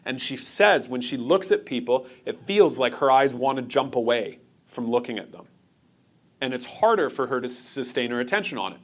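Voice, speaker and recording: A man's voice: mid-range voice, animated, moderate pace. A man presenting a workshop to a live audience in a conference room, talking casually and joking with the crowd. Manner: casual, engaging, jokes with the audience.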